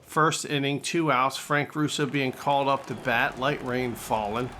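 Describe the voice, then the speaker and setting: A man doing jokey, excitable mock-sportscaster play-by-play over a baseball video game. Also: mid-range voice, a little slow. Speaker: gaming channel host. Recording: steady background noise.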